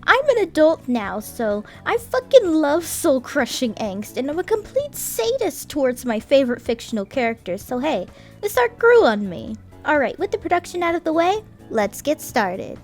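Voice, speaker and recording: A woman's voice: sits high, sing-song, moderate pace, faint music behind. A young woman reading a scripted anime review voice-over, sarcastic, with casual swearing and wry asides.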